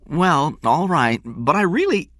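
A man's voice: fairly high pitch, very animated, slow pace, fairly bright tone, no room sound, clean studio sound, voice pushed up, heavily acted. A man doing a worried, pleading wife. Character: anxious wife, adult woman.

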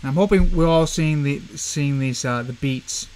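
A man giving a casual online poetry lesson, talking informally with many fillers and slowing down to read verse aloud and mark its beat. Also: on the high side, a little mellow. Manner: chatty, many fillers and "guys", reads verse slowly to stress the beat. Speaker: poetry teacher.

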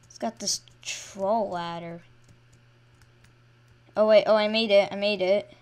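A woman giving casual commentary over her own game as a channel host, excitable and shifting from quiet mumbling to loud, high shrieks. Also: slow pace, clean tone.

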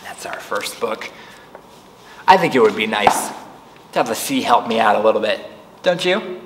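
A man's voice: on the low side, background noise. A man reading a picture book aloud to children at a storytime, chatting with them between pages. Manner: slow, animated read-aloud voice for children. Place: library room. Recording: echoey room, distant mic.

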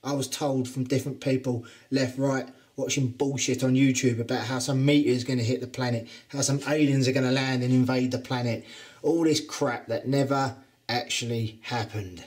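A man's voice: mid-range voice, steady tone, moderate pace, darkish tone. A man with a Cockney London accent giving a taunting, boastful wrestling promo as a trainer, swearing freely. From England.

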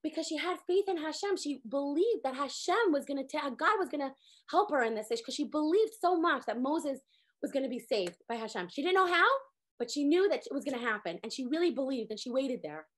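High-pitched woman teacher; chatty, animated storytelling over a video call. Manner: animated storytelling, acts out characters' lines, many "like" fillers. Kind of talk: casual online Torah class.

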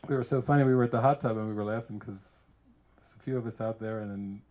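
An American man, a spiritual teacher, giving an informal retreat talk full of lively personal stories, laughing often and acting out what others said. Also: fairly low pitch, quick pace. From United States. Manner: animated storyteller who laughs often and acts out quotes.

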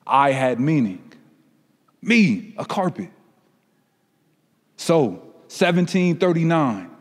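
A man voicing an ancient carpet that recalls the centuries it has witnessed, speaking slowly and solemnly with dramatic pauses. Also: medium pitch, a little mellow, close to an everyday voice. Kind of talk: dramatic spoken-word monologue. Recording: long reverberant room echo.

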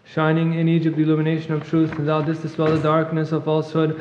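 Male reader, rapid monotone liturgical recitation; muffled, long church reverb. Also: a little high, slight background noise. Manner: fast monotone recitation, clears throat at times. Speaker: reader at a monastery service. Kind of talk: rapid liturgical chant reading.

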